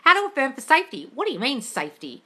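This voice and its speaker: Bright-voiced woman, live-stream host, blunt and sweary, scolds her viewers. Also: high voice, huge pitch swings, quick pace. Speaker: host answering live chat questions.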